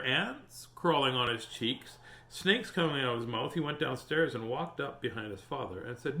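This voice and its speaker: Animated man reading a storybook. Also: mid-range voice, moderate pace. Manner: animated, chatty, greets viewers. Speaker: storytime host. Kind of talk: reading a picture book aloud. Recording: roomy echo.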